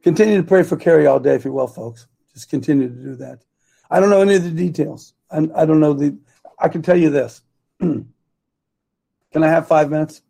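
A man's voice: fairly high pitch, fairly quick, vocal fry, warm tone. A man hosting a live talk show, rambling and losing his train of thought as he speaks.

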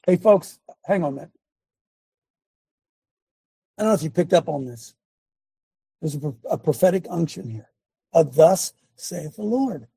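Gravelly, husky high-voiced preacher. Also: male voice, lively intonation, normal speed, pauses often, dark tone, no room sound. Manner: folksy, emphatic, talks to his tech aloud. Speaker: preacher hosting a live show. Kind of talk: casual preaching commentary.

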